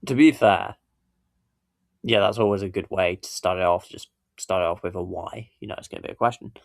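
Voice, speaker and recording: A man's voice: deep voice, fairly quick, vocal fry, dry recording, studio quality. A man hosting a casual reaction video, rambling and correcting himself with little chuckles. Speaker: YouTube reaction host.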